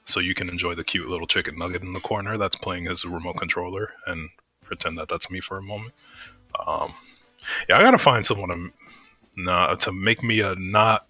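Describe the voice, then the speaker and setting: A man's voice: sits low, fairly even intonation, brisk, pushed and bright, no room sound, soft background music. A young man casually rambling and swearing as he streams a game from home on a desk mic. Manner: chatty, profane, full of fillers and restarts. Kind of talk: casual rambling commentary over gameplay.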